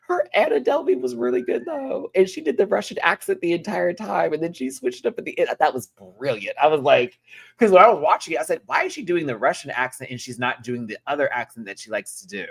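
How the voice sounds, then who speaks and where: A reviewer in a casual live review, talking animatedly with sassy asides and sudden high-pitched exclamations. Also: gravelly, a bit bright. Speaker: show reviewer.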